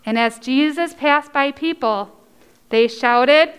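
A woman leading a children's message at church, telling a story with excited cheers and coaxing the kids to join in. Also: high-pitched, slow. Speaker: children's sermon leader.

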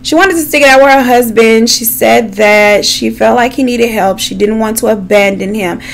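Woman, gravelly voice, casual storytime, faint room ambience. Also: mid-range voice, moderate pace, hardly any pauses, a little hiss or hum. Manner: chatty, animated, asides to viewers. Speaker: true crime makeup vlogger.

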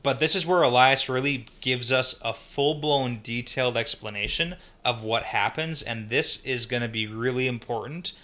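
A man co-hosts a book podcast, laying out story background in a steady, explanatory way and agreeing often with his partner. His voice is bright and of ordinary pitch. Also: normal speed, few pauses. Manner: explanatory, even-toned, frequent agreeing "yeah". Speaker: podcast co-host. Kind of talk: casual book discussion.

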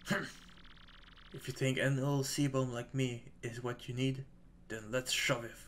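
A man's voice: mid-range voice, little pitch movement, unhurried, a bit bright, slight background noise, natural voice. A man voicing an old, grieving sea captain who speaks in a blustery, old-fashioned formal way. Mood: tender. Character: Admiral Bobbery, gruff grieving old male sailor.

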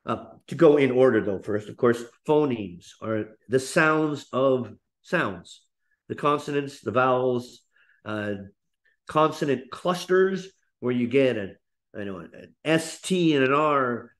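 A man teaching a webinar lesson on speaking, explaining slowly with frequent fillers and restarts. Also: medium pitch, animated. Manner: demonstrates example phrases in a lifted, playful voice.

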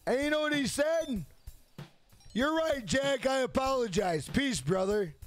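Man, thirties, brash profane livestream chat, very high pitch, animated. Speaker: gaming livestreamer.

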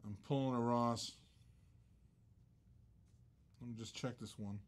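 A man's voice: mid-range voice, fairly even intonation, slow pace. A man hosting a live-stream auction in casual chat, laughing often and teasing the bidders.

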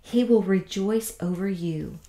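Slow soft-spoken woman Bible teacher. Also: mid-range voice, roomy sound. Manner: soft, often whispery and tender delivery.

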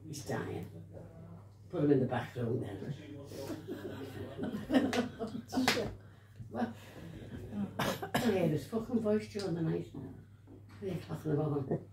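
A woman's voice: sits low, very animated, slow, gravelly, pauses often, heavy background noise. A woman in her eighties with a Liverpool accent, telling bawdy stories, swearing freely and laughing through them. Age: 80s. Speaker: storyteller at her birthday gathering. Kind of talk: casual storytelling. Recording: echoey room, mic far off, crowd chatter.

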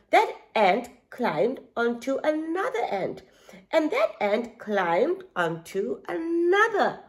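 Woman teacher reading aloud to preschoolers; slow, animated, asks the children questions. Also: on the high side. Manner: expressive, asks young listeners questions.

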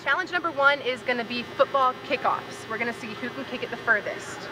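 A woman's voice: high voice, brisk, background noise. A woman in her twenties hosting a comic sports challenge, teasing and putting on an exaggerated mock Australian accent. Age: 20s. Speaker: host.

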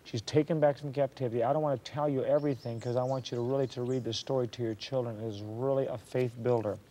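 A middle-aged man telling a true story to listeners in an animated way, raising his voice for the quoted lines. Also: mid-range voice, fast talker. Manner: drops to a hush for whispered lines.

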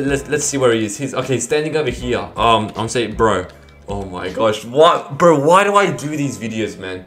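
A man's voice: mid-range voice, fairly bright tone. A man doing casual gaming commentary as a YouTuber, rambling and stammering, saying 'bro' constantly.

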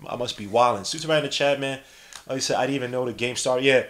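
A man's voice: medium pitch, fast. Slangy New man calling a game. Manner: animated, slangy, jokes and reads chat aloud. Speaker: podcast host giving live play-by-play. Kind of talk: casual live-stream commentary.

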